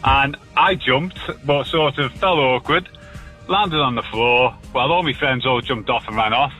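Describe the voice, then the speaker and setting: A man's voice: mid-range voice, unhurried, bright, forceful tone, soft background music, low-quality recording. A middle-aged man calling in to a radio show and telling a story in a plain, matter-of-fact way. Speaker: caller.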